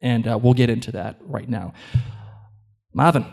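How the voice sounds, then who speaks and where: A man with a Boston accent co-hosting a live podcast in a hotel event room, animated and joking with the crowd. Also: mid-range voice, normal speed, gravelly, husky. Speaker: podcast co-host. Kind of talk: live podcast chat before an audience.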